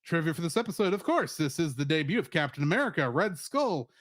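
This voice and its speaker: Lively high-voiced man reviewing cartoons. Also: quick pace, no room sound. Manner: animated, laughs often, trivia-heavy. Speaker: podcast co-host. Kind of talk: casual review chat.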